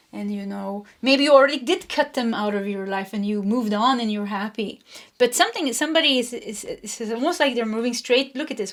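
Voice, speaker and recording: Chatty woman with higher voice, tarot reading. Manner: chatty, laughs often, repeats phrases. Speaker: tarot reader. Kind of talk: pick-a-card tarot reading.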